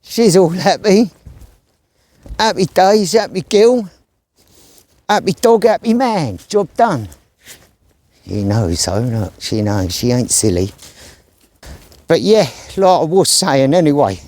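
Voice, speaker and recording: A man's voice: on the high side, sing-song, measured pace, pauses often, a little mellow, no room sound. A man chatting casually and rambling in slang while filming himself on an outdoor country walk. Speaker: vlogger. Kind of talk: casual outdoor vlog chat.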